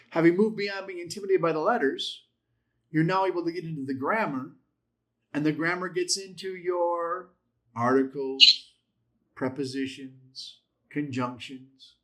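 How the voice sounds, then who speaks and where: A man's voice: fairly high pitch, fairly bright tone. A man teaching a Bible class in a methodical way, listing terms, repeating points and asking rhetorical questions.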